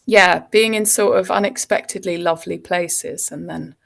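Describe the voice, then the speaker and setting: Gravelly low-voiced woman. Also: fairly even intonation, moderate pace. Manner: chatty storytelling, warm laughs, frequent ums. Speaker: actor and guest. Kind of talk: casual interview chat.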